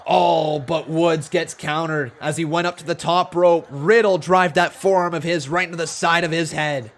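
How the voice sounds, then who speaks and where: A man hosting a live wrestling watch-along, calling the action play by play and talking to his viewers, bursting into loud excitement at big moments. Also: a little high, normal speed. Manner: excitable, swings from calm play-by-play to loud shouting; talks to viewers in chat. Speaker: live-stream host.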